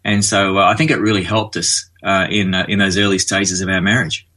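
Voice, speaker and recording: A man with an Australian accent, a former band bassist, chatting easily as an interview guest and rambling through stories with plenty of fillers. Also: flat delivery, a little fast, pushed and bright. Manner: easygoing, rambling storyteller with fillers. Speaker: musician guest. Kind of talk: casual interview chat.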